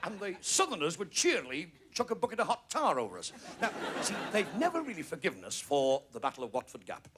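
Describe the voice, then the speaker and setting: A man's voice: fairly high pitch, wildly swooping pitch. A man with a Northern English accent performing a stand-up comedy routine as a guest, firing off gags with exaggerated comic asides. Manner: rapid-fire gag telling, exaggerated comic asides. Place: TV studio with live audience. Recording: noisy studio with roaring audience.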